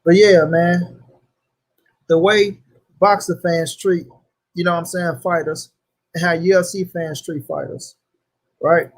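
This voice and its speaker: Young man, high voice, slangy livestream host, loose chatty delivery. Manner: loose slangy talk, greets chatters by name. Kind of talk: casual livestream chat.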